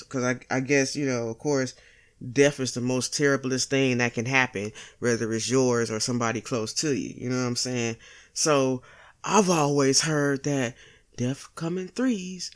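Woman cussing thru her podcast, blunt and jokey, quick laughs. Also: sits low. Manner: profane, blunt and joking; slangy, laughs at her own lines. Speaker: podcast host. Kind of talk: casual solo podcast monologue.

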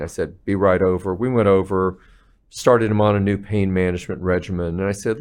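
A man with a fairly low voice talks as a guest in an interview. He is an earnest physician who slips into patients' voices while telling stories. His tone is steady and conversational. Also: brisk. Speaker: palliative care physician, podcast guest.

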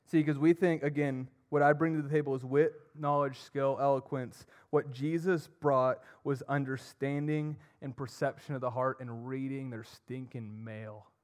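A young man preaching a sermon, earnest, swinging between emphatic and soft. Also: medium pitch, fairly even intonation, moderate pace, few pauses. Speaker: pastor.

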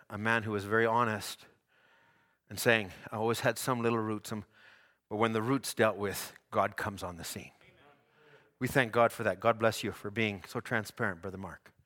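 A man preaching a fervent sermon as pastor, stammering into repeats and climbing to shouts. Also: medium pitch. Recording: long reverb in a church hall.

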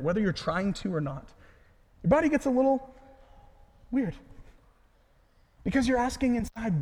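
Male pastor, high voice, earnest delivery that falls to a hush at phrase ends, long reverb around him. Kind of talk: sermon.

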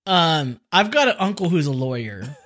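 A man's voice: a little high, very animated, normal speed, a bit bright. A young man co-hosting a podcast, casual and rambling, laughing often between stories. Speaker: podcast co-host. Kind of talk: casual chat.

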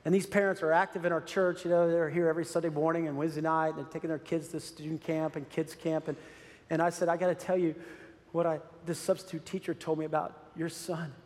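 A man's voice: on the high side, little pitch movement, fast talker. A man preaching a sermon as pastor, earnest and urging, repeating phrases for emphasis. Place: church sanctuary. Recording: long reverb of a large hall.

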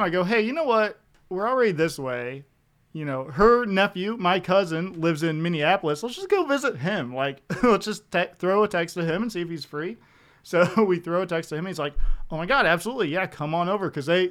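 A man's voice: fairly high pitch, a bit bright, clean tone. A man, a guest in a casual chat, telling laid-back travel anecdotes.

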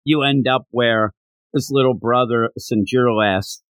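A man co-hosting a podcast, chatting casually about a manga chapter and acting out characters' lines in quick voices. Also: mid-range voice, fairly even intonation, a bit bright, no room sound. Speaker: podcast co-host.

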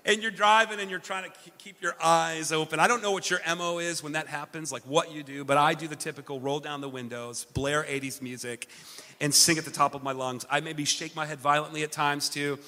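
New guy preaching, bright tense voice, lots of i-i-i restarts, echoey hall. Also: a little high, fairly even intonation, brisk. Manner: earnest and self-deprecating, with frequent stammered restarts. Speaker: pastor. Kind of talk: sermon.

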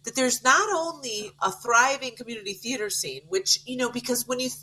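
A woman's voice: fairly high pitch, lively intonation, fairly quick, sharp tone, low-quality recording. A woman co-hosting an interview podcast, asking eager questions and cutting in with enthusiastic interruptions. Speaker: podcast co-host. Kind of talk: casual interview chat.

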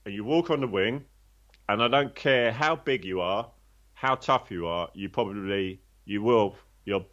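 A man's voice: fairly low pitch, measured pace, fairly bright tone, highs cut off. A man telling his own story in a candid, conversational way, blunt and swearing freely, rambling with restarts.

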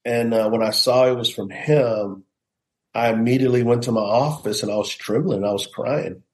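A man's voice: mid-range voice, normal speed. Earnest man telling his story, roomy sound. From United States. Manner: earnest storytelling, acts out quoted voices. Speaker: pastor, guest. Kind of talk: personal testimony in an interview.

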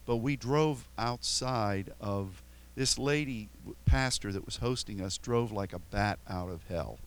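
An older American pastor tells rambling, self-mocking stories before his sermon, restarting often. His voice is fairly low, clear and resonant, at a measured pace, though the recording quality is low.

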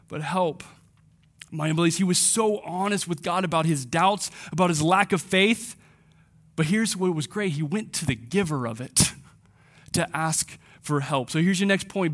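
A pastor giving a conversational sermon, slowing down and dropping his voice for emphasis. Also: a little high, a bit bright. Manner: conversational preaching, slows for emphasis.

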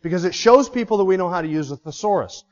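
Male pastor, slightly high voice, emphatic sermon delivery with forceful peaks, muffled lo-fi capture. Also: animated, fast talker. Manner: emphatic, swings from quiet asides to loud repeated declarations. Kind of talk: expository sermon. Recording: dull lo-fi recording.

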